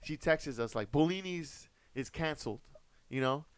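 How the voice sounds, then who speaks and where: A man's voice: a little high, lively intonation, normal speed, clean tone, no room sound. A young man co-hosting a podcast, telling a long story in a casual, rambling, profane way. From Monterey Park, Los Angeles. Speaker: podcast co-host.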